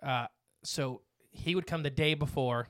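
A man's voice: fairly high pitch, unhurried, no echo, studio quality. A man hosting a casual podcast, reading from notes with frequent fillers and restarts. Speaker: podcast host.

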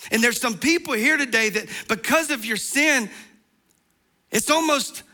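Male preacher, high-pitched and very bright, impassioned delivery. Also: unhurried. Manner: impassioned, emphatic preaching, dropping to soft tones for stress. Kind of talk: sermon.

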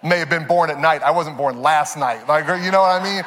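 A pastor in his thirties, with a brisk, fairly high voice, preaches in a church sanctuary, animatedly sharing family stories, laughing often and using many fillers. The recording carries a little hiss or hum and the long reverb of a church hall.

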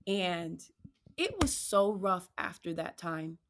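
A woman, a podcast guest giving candid, lively testimony about her faith and marriage, acting out the voices of the people in her story. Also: lowish voice, takes it slowly, slight background noise. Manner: animated storyteller, acts out quoted voices; addresses listeners as "y'all".

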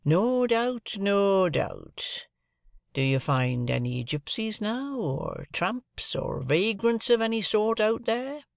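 A man's voice: sits high, very animated, gravelly, no room sound, clean studio sound, voice pushed up, full character voice. Man doing a sly, secretive stranger. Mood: probing. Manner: slow, probing, insinuating questions. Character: secretive, sly middle-aged male stranger.

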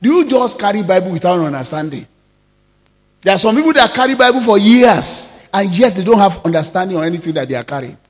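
A male pastor preaches with force, stretching key words and calling on his listeners to answer. His voice sits high for a man. The sound carries a long reverb, as in a church hall. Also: big pitch swings. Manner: emphatic preaching, calls out to the congregation, drawn-out stressed words. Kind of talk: sermon.

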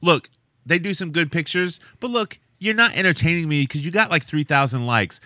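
A man's voice: fairly high pitch, normal speed, sharp tone, no echo. A man co-hosting a podcast, swearing and joking in casual chat. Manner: profane, joking banter. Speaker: podcast co-host.

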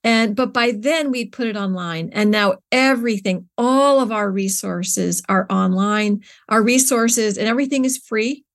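A woman's voice: mid-range voice, measured pace, few pauses. A middle-aged woman speaking as an interview guest, earnest and searching, often restarting her sentences with fillers. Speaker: interview guest, nonprofit co-founder. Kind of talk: conversational interview.

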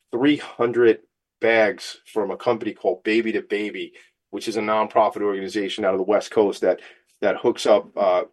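A man hosts a radio show in a casual, energetic monologue. His voice sits fairly low. He teases himself and pushes his listeners to act. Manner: fired-up, joking, self-teasing.

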